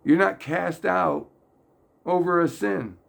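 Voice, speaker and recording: An earnest man talks through faith stories in a casual, rambling way. His voice is gravelly and somewhat high for a man. He speaks slowly and takes his time. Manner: earnest, rambling, gets loudly excited and emotional. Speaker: religious video host. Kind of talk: casual faith talk to camera.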